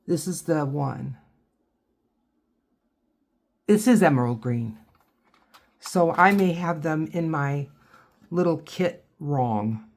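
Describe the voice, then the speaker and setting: A woman giving a casual painting tutorial, chatting and thinking aloud as she works. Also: low voice. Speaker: watercolor instructor.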